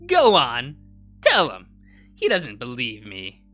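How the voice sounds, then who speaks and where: A man voicing a manic, menacing male weasel with a gun who taunts and shouts. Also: mid-range voice, very animated, unhurried, soft background music, full character voice.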